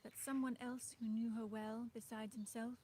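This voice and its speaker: A woman putting on the voice of a refined 1950s film actress while reading a novel aloud, measured and lilting, with soft whispered endings to phrases. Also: fairly high pitch, little pitch movement, a little hiss or hum, natural voice. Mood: genteel. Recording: birdsong in the background. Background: birdsong.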